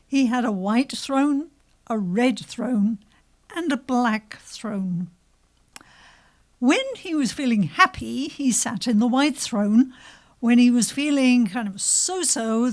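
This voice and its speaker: A woman telling a folk tale aloud to an adult audience, slow and expressive. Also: on the high side. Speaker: storyteller. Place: live storytelling venue.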